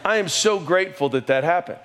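Middle-aged male pastor, sermon delivery, lively storyteller with a slightly high voice. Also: a little fast, heavy background noise. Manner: animated storytelling with sudden raised exclamations. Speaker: pastor and high school coach.

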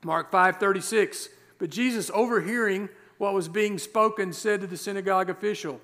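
A male pastor preaching a sermon, reading scripture verses and explaining them with rhetorical questions and slowed, stressed words. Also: high-pitched, fairly bright tone. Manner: emphatic, slows down to stress key words.

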